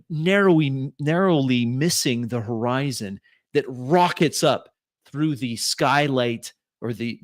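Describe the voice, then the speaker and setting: Brief: male game master, unhurried descriptive narration, dry sound. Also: medium pitch, no room sound. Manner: slow, deliberate descriptive narration with restarts.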